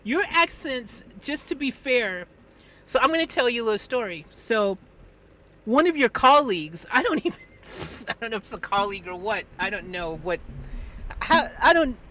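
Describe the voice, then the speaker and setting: A live streamer chatting casually, animated and rambling with many restarts, picked up a bit away from the mic. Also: mid-range voice, normal speed.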